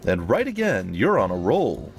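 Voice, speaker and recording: A man's voice: lowish voice, wildly swooping pitch, normal speed, vocal fry, a little hiss or hum, pitched below the performer's own voice, exaggerated voice. A man voicing an easygoing male ex-bandit with a breezy, affable way of talking.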